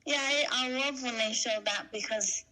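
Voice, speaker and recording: A woman joins a friend's casual video chat as a fellow fan. She gives short, agreeable answers with small hesitations, and her voice is bright and a little high. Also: moderate pace, rough recording. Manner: brief, agreeable replies with hesitations.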